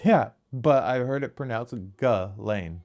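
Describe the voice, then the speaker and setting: A young man co-hosting a loose comedy podcast. He tells absurd stories in a deadpan way and laughs a lot as he goes. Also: medium pitch, a little slow. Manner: deadpan joking, laughs often. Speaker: podcast co-host. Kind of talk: casual comedic chat.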